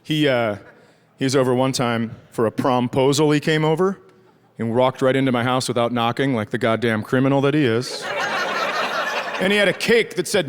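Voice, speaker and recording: A slightly high-voiced, middle-aged comic from rural Minnesota performs stand-up at a moderate pace, pausing often, with lively intonation. His family stories are profane and sarcastic, and the live show has loud laughter plus a faint hiss or hum.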